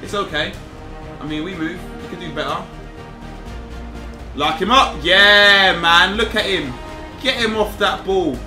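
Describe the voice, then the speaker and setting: A young man commentating his own football video game, animated and easily exasperated, full of slang. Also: high voice, unhurried, long pauses. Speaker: gaming YouTuber. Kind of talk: excitable gameplay commentary. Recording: roomy sound with game music. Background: video game music and sound.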